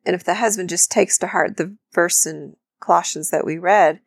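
A woman with a somewhat low, gravelly voice co-hosts a podcast. She talks thoughtfully and backs her advice with practical examples. The recording is close and dry. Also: normal speed, no room sound. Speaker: podcast co-host. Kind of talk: instructive marriage talk.

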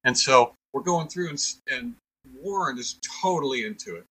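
Older male comedian, husky voice, lively jokey chat. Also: mid-range voice, moderate pace, rough recording. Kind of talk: casual chat.

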